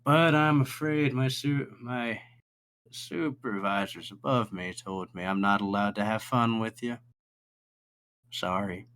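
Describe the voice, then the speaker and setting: Picture a smug, teasing villain who taunts in a mock-polite, drawn-out way, as a man puts him on. The voice sits fairly low. He is voiced live during a tabletop game. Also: a bit bright.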